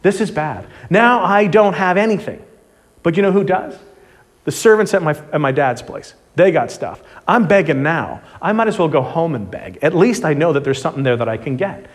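A man's voice: a little high, animated, normal speed, in a large hall, natural voice. A man preacher voicing a younger son who has squandered his inheritance, rueful and self-reproaching. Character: foolish younger son, broke and regretful.

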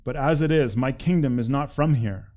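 A man reading the part of a calm, solemn teacher, measured and earnest. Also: medium pitch, natural voice.

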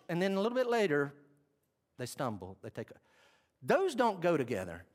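A man preaching a sermon, swinging between loud outbursts and hushed asides. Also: on the high side, huge pitch swings, normal speed, pauses often. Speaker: pastor. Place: church sanctuary. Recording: long reverb of a church hall.

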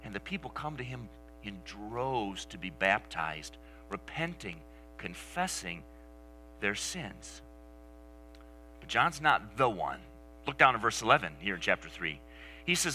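A male pastor preaching a sermon, telling the story with animation and dropping to soft, near-whispered lines for emphasis. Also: medium pitch, big pitch swings, unhurried, soft background music, low-quality recording.

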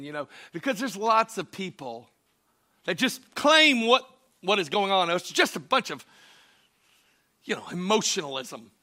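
Pastor guy preaching, high bright voice, goes from calm teaching to shouting. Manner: shifts between shouted exhortation and quiet explanation. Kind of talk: sermon.

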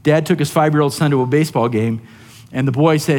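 Higher-voiced male pastor in a reverberant hall. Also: brisk, darkish tone. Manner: conversational, often asks "right?". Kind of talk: sermon.

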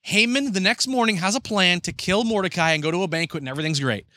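Bright, high-voiced preacher telling a story. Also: male voice, fast talker, no room sound. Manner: lively storyteller who acts out characters' lines. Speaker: pastor. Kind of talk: sermon retelling a story with acted voices.

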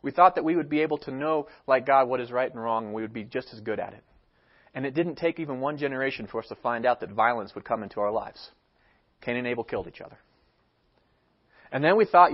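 At a quick pace and medium pitch, a male pastor delivers a forceful sermon packed with rhetorical questions and dramatized quotations, captured with dull lo-fi sound.

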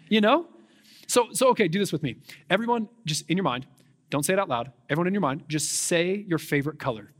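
A young man delivers a sermon in a relaxed, conversational way, tossing in fillers and questions to the congregation. His voice sits slightly high for a man and moves with animated energy. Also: fast talker. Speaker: pastor.

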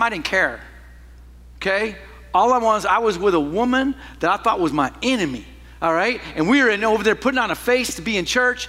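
High, bright-voiced preacher in a hall. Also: male voice. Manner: animated storytelling, swings from loud to hushed. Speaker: pastor. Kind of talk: sermon.

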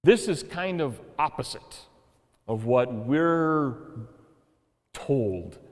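A man's voice: mid-range voice, expressive, very slow. A man preaching a sermon, telling a homely story in an earnest voice that swells at its climaxes. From United States. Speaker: pastor. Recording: long reverb of a hall.

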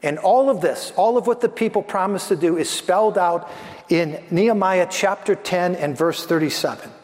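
High-voiced pastor preaching in a hall. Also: male voice, moderate pace, darkish tone. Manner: earnest, repeats phrases for emphasis. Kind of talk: sermon.

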